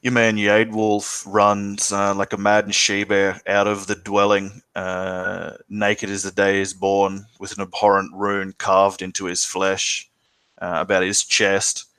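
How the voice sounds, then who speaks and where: Low, flat-voiced game master narrating. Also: male voice, unhurried, smooth, dry recording. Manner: descriptive narration with frequent filler words.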